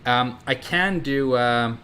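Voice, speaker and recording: A man's voice: medium pitch, takes it slowly, pushed and bright, a little hiss or hum. A man in his thirties from Sweden, chatting casually in a rambling way while commenting on his own gameplay. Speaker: game streamer.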